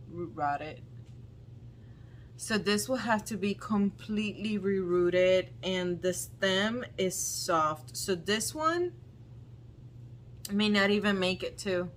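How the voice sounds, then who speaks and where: A woman vlogger doing casual unboxing commentary, talking in a halting, dismayed way with frequent ums. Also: lowish voice, a bit bright, slight background noise. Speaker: plant vlogger.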